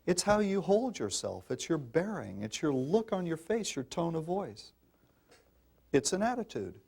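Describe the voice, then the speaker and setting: An older man lectures a room of parents with a gravelly, rough-edged voice. His pitch swings widely as he presses each point, in a folksy and insistent manner, turning to the audience as folks. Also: sing-song, unhurried, darkish tone. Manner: emphatic, folksy, addresses listeners as folks. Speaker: parenting speaker. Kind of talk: public talk to an audience.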